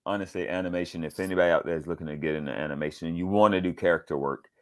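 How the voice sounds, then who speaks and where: A middle-aged man from the American South, a voice actor telling animated stories in a casual interview. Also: rapid-fire. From Southern United States, Georgia. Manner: animated storyteller, leaps up high when quoting people. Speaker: voice actor guest.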